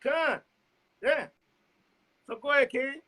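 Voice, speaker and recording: A man preaching a loud, profane sermon and cueing a scripture reader. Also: extremely high pitch, measured pace, poor audio. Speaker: street preacher. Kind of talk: fiery street sermon.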